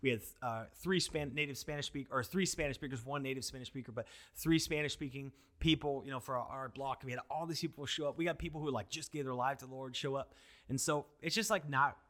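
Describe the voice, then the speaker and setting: A man's voice: medium pitch, quick pace. A man who is a pastor, telling stories in casual conversation, acting out quotes and filling his talk with "like" and "you know.". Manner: animated storyteller who acts out quotes, filler-heavy. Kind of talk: casual conversation about church outreach.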